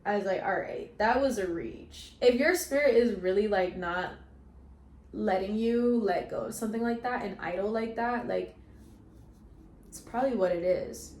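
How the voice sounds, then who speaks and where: A woman's voice: medium pitch, darkish tone, a little hiss or hum. A young woman vlogging from her bedroom in a chatty, storytelling way, full of slang. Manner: chatty, storytelling, uses slang like "y'all" and "you feel me". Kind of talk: casual vlog chat. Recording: echoey room.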